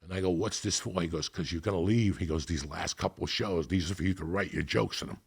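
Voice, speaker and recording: A middle-aged man from Cuba, a podcast guest telling stories in a profane, animated way and acting out what people said. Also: low voice, fast. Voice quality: gravelly, husky. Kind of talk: storytelling in casual chat.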